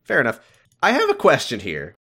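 A man co-hosting a casual chat, animated and quick to swear, who slips into voices when he quotes people. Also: medium pitch, slightly rough. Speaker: podcast co-host.

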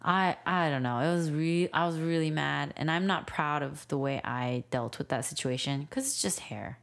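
Low-voiced woman in her thirties. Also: normal speed. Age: 30s. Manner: animated storytelling, heavy use of "like". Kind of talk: casual chat.

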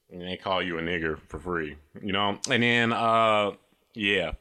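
A man's voice: deep voice, steady tone, slow pace, pauses often, pushed and bright. Loose, laughing man podcasting from a car. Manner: loose, profane, laughs often and mimics silly voices. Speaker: podcast host. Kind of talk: casual comedic monologue.

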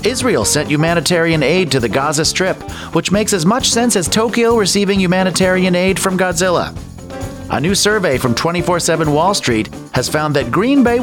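Guy doing comedy news, pitch jumps all over, dry wry jokes, faint music under it. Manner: wry, deadpan, jokey. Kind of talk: scripted satirical news delivery.

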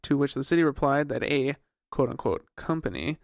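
Young man, laid-back podcast co-host, mid pitch, dry close recording. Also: a little fast, vocal fry, dry recording. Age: young adult. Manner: joking, laughs often, relaxed. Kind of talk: casual chat, reading news stories.

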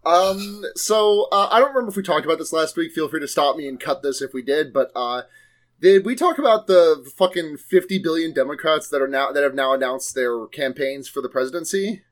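A man's voice: a little high, expressive, brisk. A young man co-hosting a podcast in casual chat, rambling and swearing with plenty of filler words. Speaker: podcast co-host.

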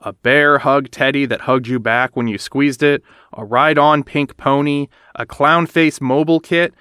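A man reading a children's storybook aloud, animated and expressive. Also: mid-range voice, a little slow, clear, resonant tone, dry recording, clean studio sound. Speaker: narrator.

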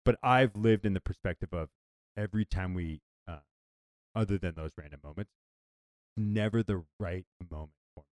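A man co-hosting a podcast, chatting casually and telling stories in an animated way. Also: sits low, moderate pace, smooth, dry recording, clean studio sound. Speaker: podcast co-host.

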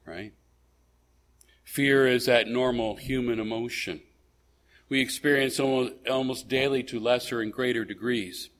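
A man's voice: mid-range voice, a little slow, fairly bright tone. A man preaching a sermon as a pastor, talking conversationally with frequent hesitations, restarts and rhetorical questions.

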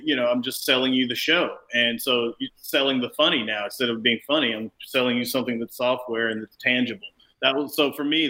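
Bright-voiced man swearing through a story. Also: mid-range voice, rough recording. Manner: animated, swears a lot, acts out quoted people. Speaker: comedian turned software salesman. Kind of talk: profane casual storytelling.

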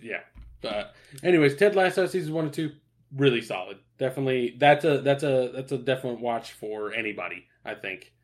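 A man's voice: mid-range voice, animated, brisk. A young man in casual podcast chat, laid-back and swearing often, with lots of fillers and restarts. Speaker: podcast co-host.

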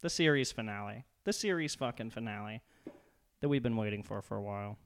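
A man's voice: lowish voice, lively intonation, a little fast, slight background noise. A young man co-hosting a podcast, joking and rambling with lots of swearing. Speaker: podcast co-host. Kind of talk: casual profane chat.

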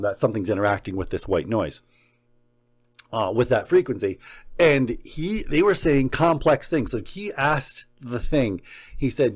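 A man in casual conversation, telling a story with animated excitement. His voice sits at an ordinary mid pitch, and he lets a curse word slip when he gets worked up. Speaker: podcast co-host. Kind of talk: casual chat about paranormal recordings.

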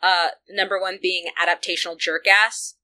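A woman co-hosting a casual fan podcast, chatty and animated, with many fillers and asides. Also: on the low side, normal speed. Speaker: podcast co-host.

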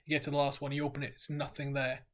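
Man, podcast co-host, animated storytelling, casual chat. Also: a little high, very fast. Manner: animated storyteller, acts out sounds.

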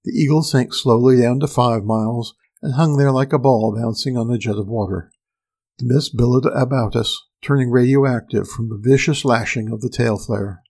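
Gravelly man reading a tense sci-fi tale. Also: medium pitch, moderate pace, a little mellow. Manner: tense, dramatic storytelling. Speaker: narrator. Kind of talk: first-person sci-fi story reading.

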